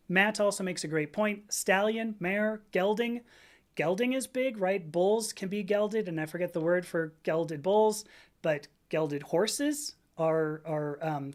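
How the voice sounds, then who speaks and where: A middle-aged American woman with a fairly low voice chats on a livestream. She reads out viewer comments and answers them in loose, rambling asides, and she often stops to correct herself mid-sentence. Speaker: livestream host reading chat. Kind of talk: casual livestream chat.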